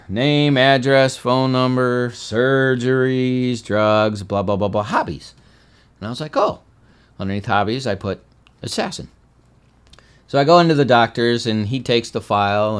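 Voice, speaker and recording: A veteran man telling his own life story in a conversational way, with dry, deadpan humor, sometimes loud and animated, sometimes quiet and heavy. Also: on the low side, smooth. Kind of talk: personal spoken testimony.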